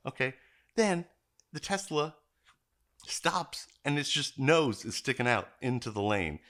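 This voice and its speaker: Male podcast host; lively, bright, crude anecdote-teller. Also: mid-range voice, measured pace, pauses often. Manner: profane, animated storytelling with mimicked voices. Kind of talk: casual chat.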